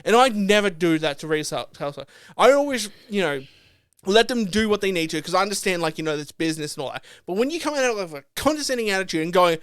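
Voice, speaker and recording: A young man co-hosting a podcast, chatting casually over drinks and telling stories in an animated, sweary way. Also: high voice, fast, clear, resonant tone, no room sound. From Australia. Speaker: podcast co-host.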